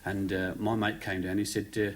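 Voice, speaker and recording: A man's voice: lowish voice, little pitch movement, moderate pace. A man with a Birmingham accent telling a story on stage as a stand-up comedian, rambling and chatty with lots of "you know". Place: TV studio before a live audience. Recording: 1970s TV studio recording, loud audience laughter.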